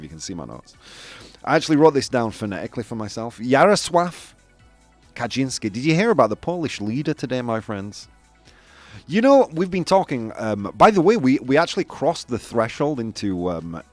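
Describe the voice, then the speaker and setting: Male stream host, chatty and self-mocking, animated delivery, dry booth sound. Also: medium pitch, fairly quick, dry recording, faint music behind. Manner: chatty, self-mocking, reads out chat messages. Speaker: live-stream show host. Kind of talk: casual live-stream chat.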